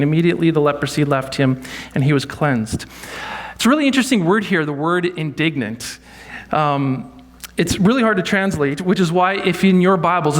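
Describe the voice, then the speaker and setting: Man, pastor, conversational sermon, fairly high voice, animated delivery. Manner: conversational, animated teaching with acted quotes. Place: church sanctuary.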